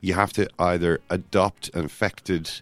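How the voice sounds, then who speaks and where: A man co-hosting a casual football podcast, talking in rambling, self-interrupting runs with animated asides. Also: sits low, moderate pace, dry recording. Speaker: podcast co-host.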